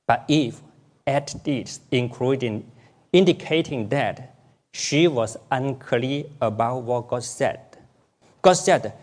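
A man's voice: medium pitch, expressive, slow pace, darkish tone. A man preaching a sermon, repeating key phrases to drive them home.

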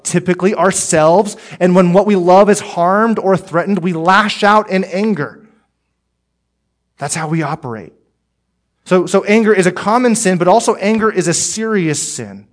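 A man preaching a sermon as pastor, earnest and direct, swinging between emphatic lines and hushed ones. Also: on the high side. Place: church, streamed online.

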